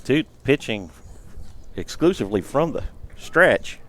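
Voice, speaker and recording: A man giving relaxed, explanatory color commentary on a baseball game. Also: mid-range voice, unhurried.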